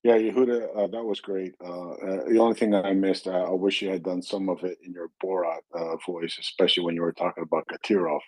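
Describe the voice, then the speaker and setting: A man asking questions in a casual online discussion, joking and chatty, with halting restarts. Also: deep voice, little pitch movement, darkish tone, dry recording, low-quality recording. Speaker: panel regular asking questions.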